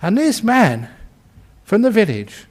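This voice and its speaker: Speaking slowly in a high voice, a man who is a Buddhist monk and teacher recounts an amusing story in a dharma talk. He keeps it relaxed and conversational, sprinkling in "you know" and often laughing at his own tale.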